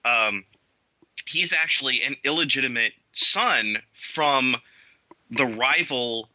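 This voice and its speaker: Man with a very bright voice. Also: mid-range voice, no echo, rough recording. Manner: halting, many restarts and fillers; enthusiastic storytelling. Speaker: podcast guest. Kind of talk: casual interview talk.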